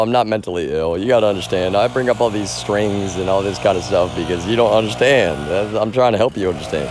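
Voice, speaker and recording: A man's voice: mid-range voice, noisy background. A man streaming live outdoors on a phone, rambling and profane, often calling out to "y'all".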